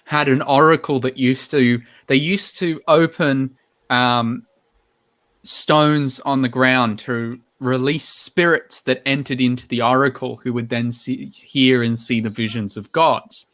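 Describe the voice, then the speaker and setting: A man's voice: mid-range voice, fairly even intonation, a little slow, a bit bright. A man hosting a casual live-stream chat, musing through long rambling explanations. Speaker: host.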